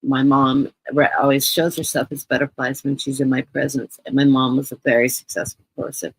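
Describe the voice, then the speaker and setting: A woman's voice: extremely low pitch, little pitch movement, fairly quick, breathy edge, dry recording, low-quality recording. A woman giving a chatty live-stream tarot reading, often repeating words for emphasis. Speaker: guest tarot reader. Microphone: computer mic on a live stream.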